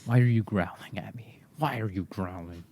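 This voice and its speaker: A man's voice: on the low side, normal speed, warm tone. A young man hosting a solo podcast, rambling and swearing as he teases his dog, often dropping to a whisper. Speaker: podcast host.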